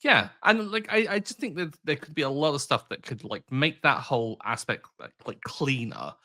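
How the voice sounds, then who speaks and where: Man, podcast co-host, casual opinionated chat, bright voice, dry close sound. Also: medium pitch, moderate pace, no room sound. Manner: opinionated, teasing, expressive.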